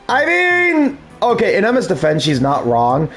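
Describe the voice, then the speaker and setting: A man's voice: high-pitched, wildly swooping pitch, moderate pace, few pauses, a bit bright, faint music behind. A man dubbing a video game, breaking off into casual rambling asides with loose swearing. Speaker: let's play dubber. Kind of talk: casual commentary over a game.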